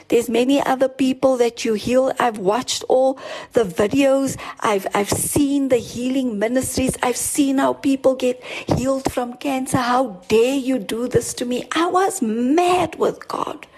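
A woman preaches a sermon built around her personal testimony, speaking earnestly with restarts and repeating herself as her emphasis rises. Her high voice is fairly even in intonation, unhurried, and darkish, and the audio is poor.

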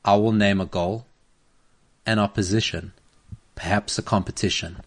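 A man's voice: on the low side, normal speed, slightly rough. A man hosting a sports podcast in a studio, chatting casually and laughing often while he tells stories and explains a game. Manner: animated, laughs often, storytelling. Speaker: podcast host. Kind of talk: casual chat. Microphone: studio microphone.

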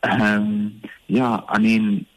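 A man from the Eastern Cape, a stand-up comedian talking in a relaxed, hesitant, self-deprecating way in a radio interview. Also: lowish voice, very slow, slight background noise, rough recording. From Eastern Cape, South Africa. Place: radio studio.

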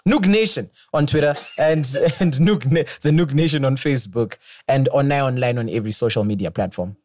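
A man's voice: mid-range voice, a little fast, a little mellow. A man from Zimbabwe hosting a podcast, chatting loosely and laughing as he signs off the show. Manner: rambling, laughing, loose sign-off. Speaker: podcast host. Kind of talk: casual chat. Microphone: shared mic passed around.

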